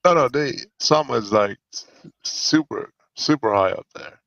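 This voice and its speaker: A man's voice: mid-range voice, normal speed, gravelly, fairly bright tone, dry recording, muffled recording. A man with a Midwestern accent chatting casually, rambling with giggles and frequent restarts. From United States. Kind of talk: casual chat.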